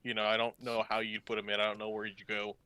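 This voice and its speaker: A man co-hosting a wrestling podcast, giving his candid, halting opinions. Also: lowish voice, monotone, bright, forceful tone, smooth, no echo. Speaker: podcast co-host. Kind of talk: casual wrestling chat.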